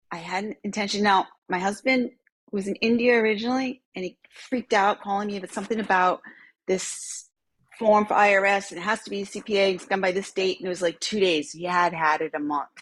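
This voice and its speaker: A woman tells a personal story on an online group call, her voice a little breathy and husky. She talks casually, laughs often and puts on voices for what others said. Her pitch sits in the middle for a woman. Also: steady tone, fairly quick, fairly bright tone. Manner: chatty, laughs often, acts out quoted voices. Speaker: call member sharing. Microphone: computer mic on an online group call.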